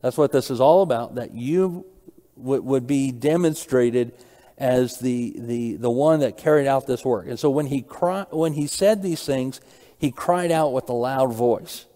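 A man's voice: mid-range voice, unhurried, mellow, big-room sound. A man preaching an expository sermon, walking through scripture and asking the listeners rhetorical questions. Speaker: pastor.

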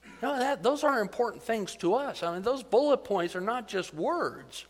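A middle-aged man preaching a sermon in a conversational, animated way, building to excited emphasis. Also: extremely high pitch, moderate pace. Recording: long hall reverb.

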